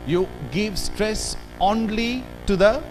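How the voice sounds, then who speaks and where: An Indian man giving an animated workshop lecture, drilling words aloud with the audience. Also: high-pitched, slow pace, background noise. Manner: animated, drills words aloud, code-switches into Hindi asides. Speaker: workshop trainer. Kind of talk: lively classroom workshop lecture.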